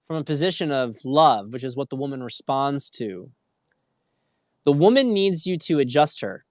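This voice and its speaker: A man in the middle pitch range talks straight to his livestream audience as a dating coach. He is earnest and a little preachy, often restarting his sentences. The sound is dry and close, with no room echo. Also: animated, normal speed. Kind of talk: livestream talk.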